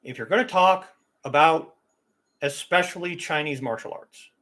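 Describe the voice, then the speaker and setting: A man's voice: on the high side, normal speed, a bit bright. A man hosting a casual livestream, talking in an opinionated, emphatic way about getting pronunciation right. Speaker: livestream host.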